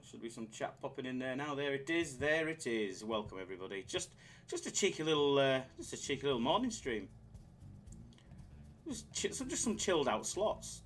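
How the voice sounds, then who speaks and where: A man's voice: medium pitch, very animated, moderate pace, slight background noise. A man hosting a casual live stream, bantering with chat in a laid-back way.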